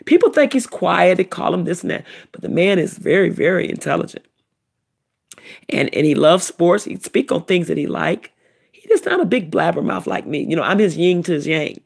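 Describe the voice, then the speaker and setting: A middle-aged woman giving an emotional personal testimony, telling her story in an animated, repetitive way. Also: on the low side, normal speed, vocal fry, breathy edge. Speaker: vlogger, self-described prophetess.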